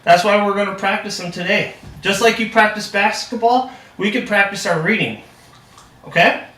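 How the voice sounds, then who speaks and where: A young man with a high, sharp voice plays a reading tutor in a practice lesson role-play, speaking at a normal pace. He's upbeat and encouraging and praises often. The room is echoey and the mic is distant.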